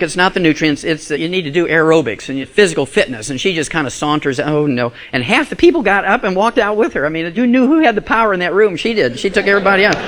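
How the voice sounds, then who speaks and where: A man's voice: on the high side, fairly bright tone, a little hiss or hum. A man giving a live health lecture to an audience, folksy and emphatic, full of rhetorical questions.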